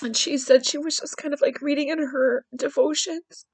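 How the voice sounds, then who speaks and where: A woman's voice: sits high, fairly even intonation, moderate pace, darkish tone, no echo, rough recording. A woman hosting a podcast, sharing a personal story in an earnest, heartfelt way with frequent restarts. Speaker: podcast host.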